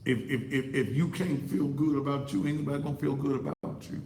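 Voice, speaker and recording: A man giving blunt, fiery advice in a preaching-style monologue, repeating words in bursts and swooping up high. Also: steady tone, fairly quick, few pauses, darkish tone, a little hiss or hum. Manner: blunt, street-talking advice. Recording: roomy, echoey sound.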